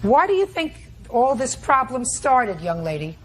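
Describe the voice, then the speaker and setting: A woman's voice: a little high, big pitch swings, unhurried, slight background noise. Older woman, TV judge, blunt probing questions, courtroom.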